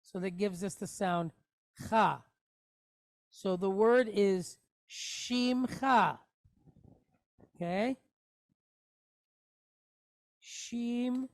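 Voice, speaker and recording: Slow, patient woman teaching. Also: medium pitch, a little mellow, no room sound, clean studio sound. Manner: patient step-by-step explaining, asks the class questions. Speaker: Hebrew teacher. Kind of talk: classroom lesson.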